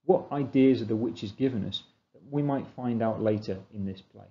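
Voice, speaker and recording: A man with a mellow, dark voice talks students through a revision lesson at a steady middle pitch. He poses questions and then answers them himself in an explanatory way. The recording sounds dull and lo-fi. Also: normal speed. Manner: explanatory, asks and answers his own questions. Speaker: teacher.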